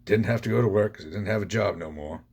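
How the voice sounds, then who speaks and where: A man's voice: fairly low pitch, fast, gravelly, a little mellow, breathy edge. A man hosting a podcast, telling his own recovery story in a blunt, profane way. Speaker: podcast host.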